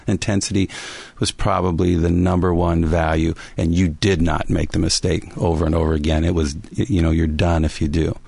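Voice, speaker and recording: Male podcast host, low gravelly voice, dry close sound, animated self-mocking storyteller. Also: no echo. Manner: animated storyteller, laughs often at himself. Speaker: podcast co-host and basketball coach. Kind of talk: storytelling chat on a faith podcast.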